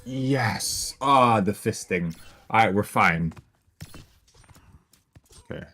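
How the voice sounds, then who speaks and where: Male streamer, low voice, lively swings, jokey self-reassuring chatter to viewers mid-game. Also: drawn-out words, a little hiss or hum. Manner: jokey, repeats reassurances to himself; talks to his chat. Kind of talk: casual live-stream chatter while playing.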